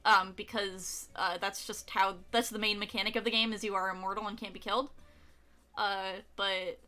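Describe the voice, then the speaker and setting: A woman's voice: medium pitch, flat delivery, pushed and bright. A woman streaming a game, chatting casually with a friend in a bubbly, teasing way. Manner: bubbly, teasing, quick to laugh. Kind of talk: casual chat while playing a game.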